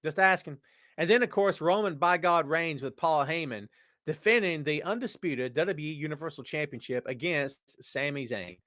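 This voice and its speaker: A man hosting a live wrestling podcast, chatting casually and reading out viewer comments in an animated way. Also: a little high, moderate pace, no echo, studio quality. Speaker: podcast host. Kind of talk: live-chat wrestling talk.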